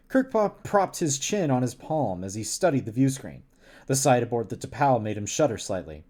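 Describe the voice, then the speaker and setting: A man's voice: mid-range voice, sing-song, normal speed, a little mellow. Male streamer, casual read-aloud, giggly, trips over words. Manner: giggly, stumbles and restarts often. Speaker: streamer reading a novel aloud.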